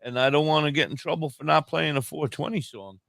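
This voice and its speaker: Laid-back male radio host, bright forceful tone, dry studio sound, jokey and profane. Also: fairly high pitch, fairly quick, creaky, no echo. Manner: laid-back, swearing, joking. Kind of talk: casual stoner chat.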